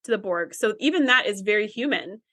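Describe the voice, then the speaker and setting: A woman's voice: mid-range voice, lively intonation, fairly quick, a bit bright, no room sound, clean studio sound. A woman co-hosting a podcast, talking through a TV episode in an earnest, thoughtful and enthusiastic way. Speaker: podcast co-host. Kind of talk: casual chat about a TV episode.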